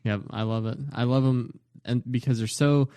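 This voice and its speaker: A man's voice: medium pitch, fairly even intonation, normal speed, dark tone, clear, resonant tone, no echo. Man, Indiana accent, laughing storyteller, dry close mic. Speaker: podcast co-host. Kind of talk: casual podcast chat.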